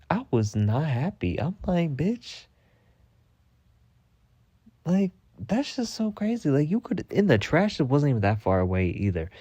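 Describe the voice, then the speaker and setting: A sassy man rants through a profane storytime in a low-pitched, mellow voice. The recording is dry and a bit dull and lo-fi, with his dramatic delivery right up front. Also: no room sound. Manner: sassy, dramatic, heavy cursing. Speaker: storytime podcast host. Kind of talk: casual profane storytime rant.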